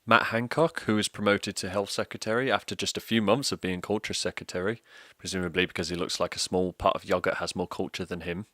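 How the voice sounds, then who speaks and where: Deep, dry-sounding man, sweary deadpan comic ranter. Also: fast, no room sound. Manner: sardonic, sweary, deadpan mockery. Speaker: comedic ranter. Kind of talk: scripted comedic political rant.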